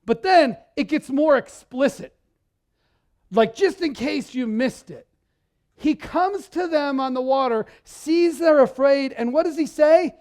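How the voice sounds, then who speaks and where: This male pastor's voice is very high-pitched, and his pace is measured. He preaches a church sermon in a conversational, animated manner and repeats words often as he goes.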